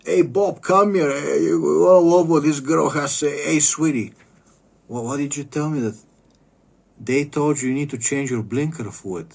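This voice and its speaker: A man voicing a condescending male auto parts clerk who teases a customer in a high, loud voice. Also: normal speed, slightly rough, natural voice. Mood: mocking. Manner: high, loud, teasing put-on voice.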